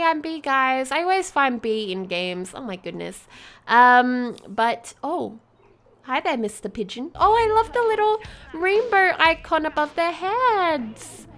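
Woman, high voice, unhurried, excitable and giggly, gameplay commentary, faint music underneath. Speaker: let's play host.

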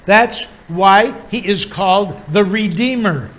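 Man, pastor, bible teaching, unhurried and halting, slightly high voice. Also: a bit bright, rough recording. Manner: halting, many filler pauses, chuckles while teaching.

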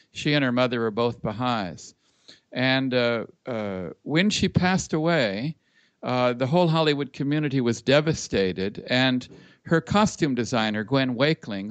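Relaxed male storyteller on a call. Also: medium pitch, no room sound. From Los Angeles. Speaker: guest, public speaker. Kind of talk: casual interview, storytelling. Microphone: video call.

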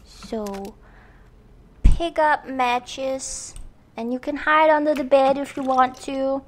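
A woman's voice: high-pitched, slow, a little hiss or hum. A young woman casually commenting on a horror video game she is playing, chatty and self-mocking, laughing often. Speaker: gaming channel host. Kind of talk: casual let's-play commentary.

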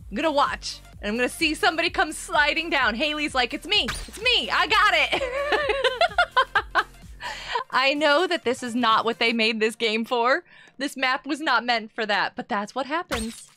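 A woman hosting a casual gameplay live stream. She chats with viewers, greets them by name and breaks into excited outbursts. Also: sits high, moderate pace, soft background music.

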